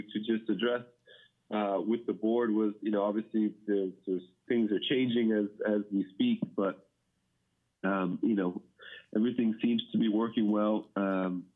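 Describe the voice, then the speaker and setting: A middle-aged man briefing a public board meeting as plan consultant, measured, with many fillers and restarts. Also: on the low side, fairly even intonation. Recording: dull municipal meeting audio.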